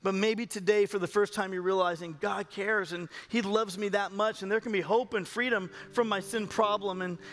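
A male pastor preaching a sermon with passion, moving from hushed to loud as he tells a story. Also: high-pitched, steady tone, normal speed, few pauses, long reverb tail. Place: large church hall with a loft.

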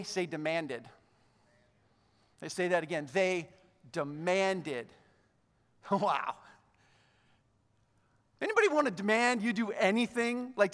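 A man preaching a sermon, animated, acting out the lines of the figures he talks about. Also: long reverb tail. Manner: hushed, low voice in prayer. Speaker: pastor.

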